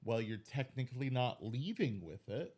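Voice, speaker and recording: Guy on a weed podcast telling a story, swears a lot, normal pitch. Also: moderate pace, slightly rough. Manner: animated storyteller, swears freely. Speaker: podcast co-host. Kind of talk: casual chat, storytelling.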